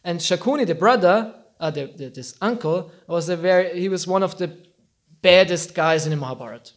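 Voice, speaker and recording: A man tells an old epic story to a small group, loose and informal. He acts out the quotes and laughs often. His voice sits high. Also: animated, brisk. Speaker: teacher giving a talk.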